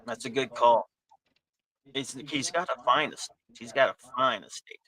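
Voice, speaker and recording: A man narrates a tabletop adventure as game master, with a very bright, forceful tone. He describes scenes casually and plainly. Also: mid-range voice, normal speed, poor audio.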